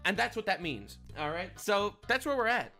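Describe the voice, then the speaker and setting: A man's voice: high voice, big pitch swings, moderate pace, pushed and bright, faint music behind. A man streaming live, talking politics in an emphatic, preachy way and often asking "all right?".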